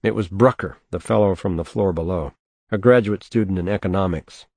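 A man narrating a novel in a measured, steady audiobook reading on a close mic. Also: deep voice, husky, no echo. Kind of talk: scripted narration.

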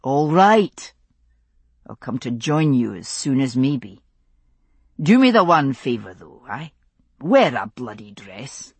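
A woman's voice: very deep voice, sing-song, slow, long pauses, breathy edge, no room sound, voice pushed down, heavily acted. Woman reader doing young man, firm and tender, dry close read. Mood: coaxing, firm. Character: young man, tender, stubborn, reassuring lover.

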